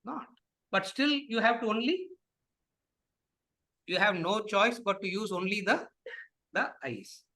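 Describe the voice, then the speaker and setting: Bright-voiced man. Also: high-pitched, unhurried, long pauses, rough recording. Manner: repetitive, asks the audience rhetorical questions. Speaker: Vedanta teacher. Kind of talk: lecture with questions and answers.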